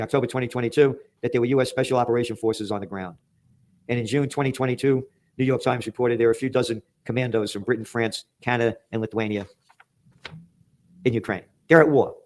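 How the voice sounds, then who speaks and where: An American man hosting a political commentary show, reading news headlines aloud and ranting about them with sarcastic, emphatic outbursts. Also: medium pitch. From United States.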